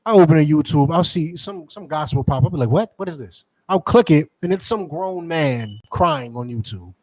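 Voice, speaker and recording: A man delivering a forceful sermon to his members, repeating points and asking rhetorical questions. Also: a little high, dry recording, rough recording. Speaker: teacher addressing members. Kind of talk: street-preacher style sermon.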